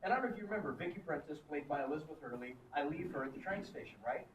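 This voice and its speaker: Animated man telling stories, echoey hall. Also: a little high, racing. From Texas. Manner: animated, profane, laughing anecdotes. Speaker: panel guest, actor. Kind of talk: convention panel storytelling. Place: convention hall panel. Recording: echoey hall from far off, noisy.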